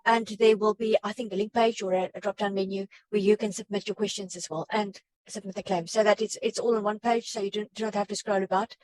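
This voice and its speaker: A woman's voice: medium pitch, fairly even intonation, fast talker, darkish tone, rough recording. A woman on a webinar reading out audience questions and adding her own remarks, with small stumbles. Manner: plain, reads questions aloud with small stumbles. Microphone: video call.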